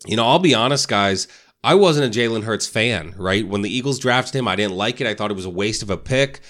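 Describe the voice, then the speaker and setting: A man's voice: on the low side, animated, brisk, fairly bright tone. Man giving casual motivational talk. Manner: casual, keeps asking "right?". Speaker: real estate podcast host.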